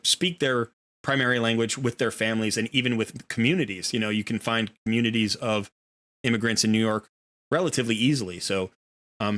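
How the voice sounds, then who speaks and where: A middle-aged man from the United States hosts a game stream, rambling casually with plenty of fillers and restarts as he plays. His voice sits in the mid-range with a fairly bright tone.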